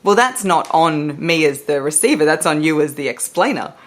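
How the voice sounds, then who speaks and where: A woman's voice: deep voice, normal speed, a little hiss or hum. A woman, a voice and public speaking coach, talking animatedly as a guest in a podcast interview. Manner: animated, expressive, laughs often.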